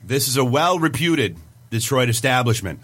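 A man's voice: medium pitch, expressive, normal speed, fairly bright tone, husky. A man reading out a complaint in a put-on Boston accent, voicing an indignant male reviewer in a stiff, mock-formal way.

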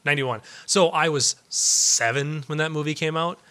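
A man's voice: fairly high pitch, moderate pace, bright, forceful tone. A man co-hosting a movie podcast in casual chat, rambling with lots of restarts and easy laughs. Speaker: podcast co-host.

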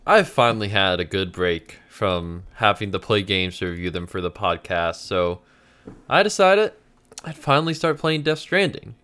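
A man's voice: low voice, lively intonation, moderate pace, sharp tone, clean tone. A man who reviews games for a podcast, talking in a dry, laid-back casual chat. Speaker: podcast co-host, game reviewer.

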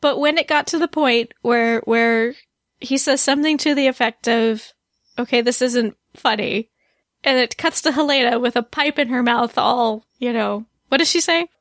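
A woman's voice: on the high side, moderate pace, fairly bright tone, dry recording, clean studio sound. A woman co-hosting a podcast, talking thoughtfully and a little hesitantly about a TV episode. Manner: thoughtful, self-deprecating, slightly hesitant. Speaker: podcast co-host. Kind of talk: casual TV recap chat.

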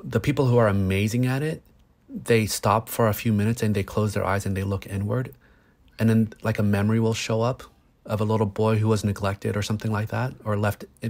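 A man's voice: lowish voice, creaky, a little mellow. A man in his thirties, a psychologist, explaining earnestly in a conversation with everyday examples. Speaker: psychologist guest.

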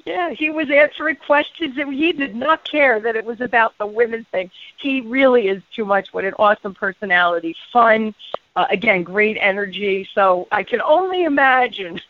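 A woman hosting a radio interview, chatty and quick to laugh, with quick asides. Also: on the high side, lively intonation, no room sound, highs cut off. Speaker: radio show host.

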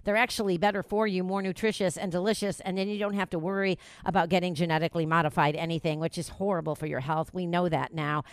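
A woman's voice: lowish voice, steady tone, quick pace, hardly any pauses, clear, resonant tone, no echo. A woman hosting a talk show, chatting in a rambling way with many restarts and fillers. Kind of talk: casual talk show chat.

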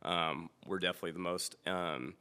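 A man with a very low voice and a bright, forceful tone. He is a singer and guitarist chatting in an interview in an easygoing, laid-back way. He speaks loosely and casually, without any polish. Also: fairly even intonation, normal speed, smooth.

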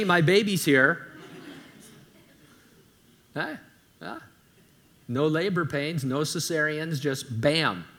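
A man's voice: mid-range voice, fairly bright tone. A man preaching a sermon as pastor, conversational, with joking asides, sometimes stumbling and repeating words.

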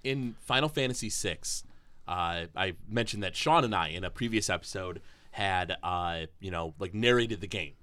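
A man telling a story on a podcast, halting with many fillers. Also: deep voice, bright, forceful tone, dry recording. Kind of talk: casual chat.

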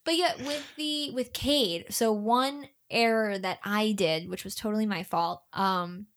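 A woman's voice: medium pitch, unhurried. A young woman who narrates audiobooks, chatting casually with many filler words. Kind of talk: casual chat.

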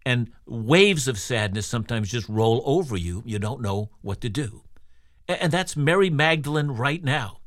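A man preaching a radio sermon in an expressive, rhetorical way, speaking directly to his listeners. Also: mid-range voice, no echo, clean studio sound. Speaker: Bible teacher.

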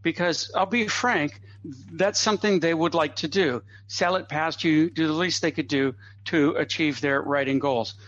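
A man telling a long anecdote as a guest on a podcast, a lively raconteur who drops in asides and chuckles. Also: fairly high pitch, moderate pace. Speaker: guest comedy writer. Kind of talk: anecdotal storytelling in a podcast interview. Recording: dull, slightly lo-fi dry audio.

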